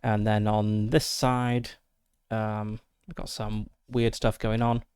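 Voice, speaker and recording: A man's voice: lowish voice, level tone, slow, darkish tone, clean tone, no room sound. A man casually narrating his solo tabletop game, methodically thinking aloud through dice rolls and rules with frequent fillers, into a close desk mic.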